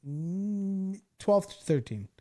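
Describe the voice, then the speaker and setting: A man in his thirties hosting a podcast, telling a story in casual chat, animated, laughing and swearing freely. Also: sits high, takes it slowly. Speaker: podcast host.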